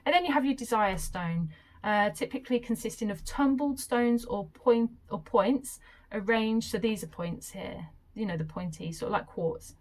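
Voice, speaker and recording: Brief: young woman, crafty vlogger, mid-pitched, eager and chatty with gushing asides. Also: normal speed. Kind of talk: casual explainer talk.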